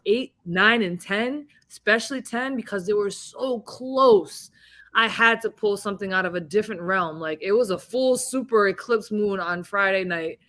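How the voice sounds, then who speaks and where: An animated woman in casual conversation, recounting events with lively energy and slipping into other people's voices as she quotes them. She speaks at a medium pitch over a video call. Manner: animated storyteller, acts out quoted dialogue. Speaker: boxing champion guest. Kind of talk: casual interview chat.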